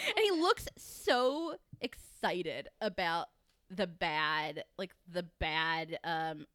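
A woman from Kentucky, a guest author chatting on a podcast, animated and quick to act out characters' lines. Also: lowish voice, no room sound, clean studio sound. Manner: animated, acts out characters' lines, many fillers. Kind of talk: casual podcast chat.

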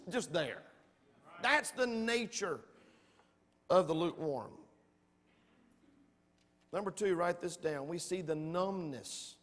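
Man, pastor, high-pitched, emphatic storytelling sermon, church hall reverb. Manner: animated storytelling, folksy, emphatic.

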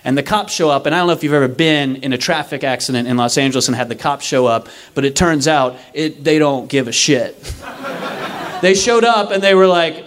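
A young man tells a funny personal story to a live audience. His voice sits a little higher than most men's, and it jumps around as he acts out each person in the story. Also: fairly quick. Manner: animated, acts out other people's lines. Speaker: stand-up storyteller. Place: live stage before an audience.

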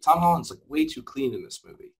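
Guy with a breathy husky voice, laughs a lot, casual podcast banter. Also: on the high side, fast. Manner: animated, laughs often, many fillers. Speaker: podcast co-host. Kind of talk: casual chat reviewing a film.

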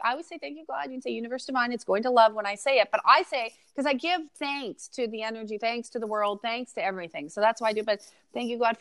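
Woman spiritual coach, podcast guest, a bit high, earnest, upbeat, encouraging listeners. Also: a bit bright. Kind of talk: casual podcast chat.

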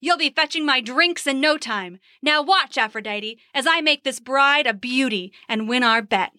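A woman's voice: high voice, moderate pace, bright, forceful tone, dry recording, clean studio sound. A woman putting on a roaring, boastful old god. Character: blustering old male god, boastful and quick-tempered.

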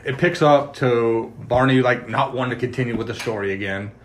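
A man's voice: mid-range voice, fairly quick, a little hiss or hum. A man chatting casually on a podcast, walking through an episode beat by beat. He tells it like a storyteller and drops into the characters' quoted lines as he goes. His voice sits in an ordinary middle register. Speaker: podcast co-host. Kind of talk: casual chat recapping a TV episode.

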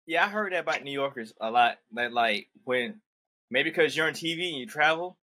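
A man's voice: mid-range voice, expressive, brisk, bright, forceful tone. A man hosting a casual interview podcast, laid-back and hesitant, with lots of fillers as he asks questions. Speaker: podcast host.

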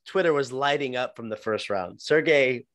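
A man's voice: medium pitch, moderate pace, a bit bright, dry recording. Rambling, joking male podcast co-host. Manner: rambling, joking, stumbles over names. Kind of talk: casual chat about fights.

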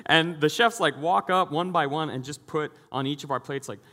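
A man's voice: on the high side, fairly quick, bright, forceful tone. A man giving a sermon as a guest preacher, praying and then telling stories in a casual, chatty way with acted-out quotes. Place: church hall. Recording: long reverb of a large hall.

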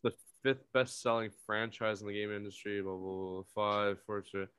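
Low-voiced swearing podcast co-host. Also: male voice, steady tone, moderate pace, clear, resonant tone. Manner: profane, loud outbursts, reads figures off a screen. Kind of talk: casual chat.

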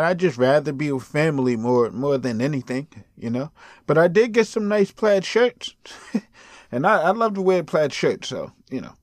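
Rambling, animated man, casual podcast. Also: fairly high pitch, dry recording, studio quality. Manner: loose and rambling, swears freely, chuckles between thoughts. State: tired. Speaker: podcast host. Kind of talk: casual solo podcast chat.

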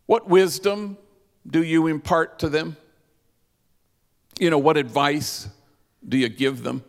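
Earnest audience woman, raised and loud, a man puts her on, long hall reverb. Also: a little high, slow. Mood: curious. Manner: earnest, emphatic questioning. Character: tearful middle-aged woman in the audience.

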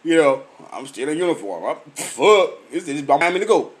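A man's voice: fairly high pitch, normal speed, hardly any pauses. A man from Memphis, drinking while telling a profane story in a casual monologue, acting out the voices of the people in it. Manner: profane, animated storytelling with acted-out dialogue. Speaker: vlogger.

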